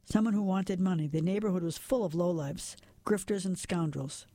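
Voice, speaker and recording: A man reading a dark crime story as a measured narrator, sometimes dropping to a whisper at tense moments. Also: high-pitched, dry recording. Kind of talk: scripted noir narration.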